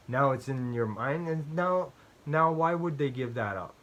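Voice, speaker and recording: A man's voice: medium pitch, expressive, a little slow, fairly bright tone, lo-fi sound. A man hosting a strategy game channel, explaining play in a chatty, self-deprecating way with personal stories, often ending his points with "right?" and repeating phrases for emphasis.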